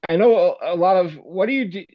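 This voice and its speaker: A man's voice: high-pitched, fast. Man hosting a meeting, muffled mic. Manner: polite, hands speakers over. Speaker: meeting host. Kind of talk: meeting facilitation.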